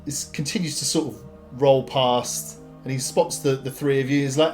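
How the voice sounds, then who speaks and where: A man narrating as game master of a tabletop game in a relaxed, rambling way. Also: mid-range voice, normal speed, soft background music.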